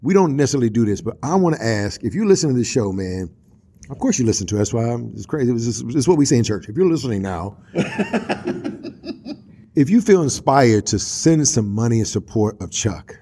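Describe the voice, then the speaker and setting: A man with a husky voice hosts a church radio talk show. He talks in a loose, slangy way and builds his points like a preacher. His delivery is animated and keeps rising into emphasis. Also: mid-range voice, brisk. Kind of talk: casual street-ministry talk and storytelling.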